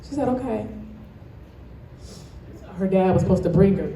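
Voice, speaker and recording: Her voice runs on the low side and comes out rapid-fire yet mellow as this Toledo, Ohio, dance studio owner gives a motivational talk as a guest speaker. Passionate and emphatic, she speaks directly to the live audience in an echoey indoor event hall, heard through a distant mic with slight background noise.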